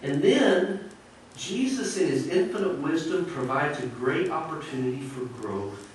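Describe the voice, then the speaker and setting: A man delivers a sermon in an earnest, conversational way, often turning to his listeners with questions. His voice sits a little high and comes from some distance off the microphone. It rings through a very echoey church with a faint hiss behind it. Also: lively intonation, unhurried. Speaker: preacher. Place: church sanctuary.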